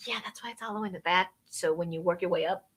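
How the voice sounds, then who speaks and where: A woman's voice: fairly low pitch, quick pace, heavy background noise. A woman from Philadelphia co-hosting a radio talk show, chatting casually and laughing often. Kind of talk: casual chat.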